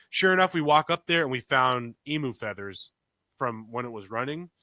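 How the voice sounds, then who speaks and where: This podcast co-host has a slightly high voice with a sharp tone and talks fairly fast, with no echo on the recording. He tells a casual story full of restarts and offhand swearing, voicing quotes with large leaps in pitch.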